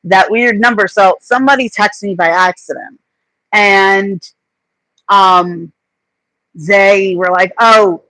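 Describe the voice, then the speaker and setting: A woman hosts a casual livestream, her mid-pitched voice recorded dry and close. She rambles through anecdotes, with fillers and restarts along the way. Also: steady tone, takes it slowly, long pauses, sharp tone, no room sound, poor audio. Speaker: host.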